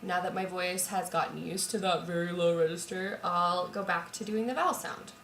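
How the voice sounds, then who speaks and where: A woman's voice: on the low side, normal speed. Voice teacher woman in a roomy room. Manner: calm, explanatory, sings scale demos. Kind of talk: demonstrating vocal warm-up. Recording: roomy echo, voice from a distance, piano. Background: piano.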